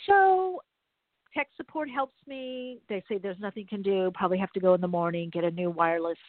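A woman's voice: medium pitch, brisk, no echo. A woman host talks in a loose, rambling, chatty way, spinning everyday stories for her listeners. Her voice comes through thin and tinny, like a phone line, with a close, dry sound and no room around it. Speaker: podcast host. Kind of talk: casual chat.

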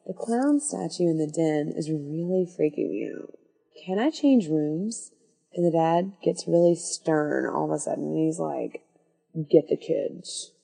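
A woman with a low, gravelly voice spins a creepy tale in a loose, chatty way. She wanders off track, second-guesses her details and drops dry little jokes. The tone stays dark and mellow throughout. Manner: rambling, self-correcting, wry asides. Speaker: podcast storyteller. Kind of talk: casual storytelling.

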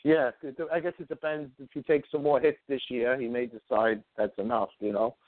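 A man's voice: medium pitch, little pitch movement, brisk, dry recording. A man co-hosting a casual sports talk show, replying in an easygoing, laid-back way. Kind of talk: casual call-in radio chat. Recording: dry tinny phone-line sound.

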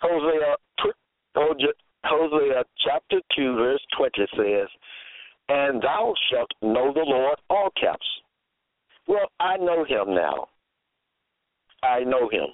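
A man teaching from scripture in a slow, deliberate way, reading out verse after verse and restating each one. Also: mid-range voice, sing-song, dry recording. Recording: tinny phone-line sound, dry.

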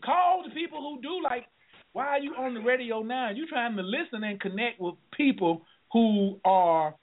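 A man hosting a call-in radio show, excitable and preachy, often laughing and shouting. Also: sits high. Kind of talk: lively call-in radio talk. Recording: tinny phone line.

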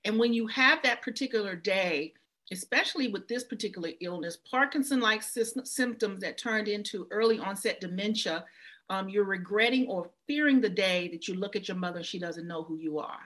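A woman's voice: medium pitch, a little fast, a bit bright. A middle-aged woman speaking as a guest, telling her own story earnestly and acting out quoted voices. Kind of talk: heartfelt interview talk.

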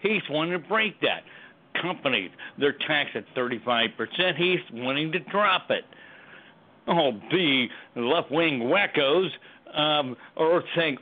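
A man on a thin, tinny phone line rants in a heated call-in, his pitch swinging up and down a lot as he stumbles and repeats himself. He sounds lively and worked up. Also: measured pace. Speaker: caller. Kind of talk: heated political call-in rant.

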